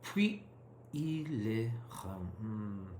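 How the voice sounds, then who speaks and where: This is a man reading practice sentences aloud in a roomy space with a faint background hum. He talks at a slow, deliberate pace, stopping often to puzzle out meanings in his English. His delivery is relaxed and self-correcting, like someone studying on his own. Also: fairly low pitch. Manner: slow, halting, thinks aloud and translates line by line. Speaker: French learner reading aloud.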